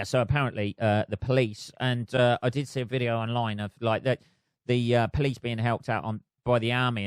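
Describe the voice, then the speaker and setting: A British man hosts a podcast by himself, rambling along in a sweary, self-deprecating way from his flat. His voice is mid-range with a clean tone, and the recording is studio quality with no room sound.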